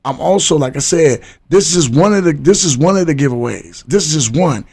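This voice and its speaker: A man's voice: on the high side, animated, brisk, a little mellow, slightly rough. Chatty livestream host, man. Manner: loose, chatty, talks straight to viewers. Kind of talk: casual live-stream chat.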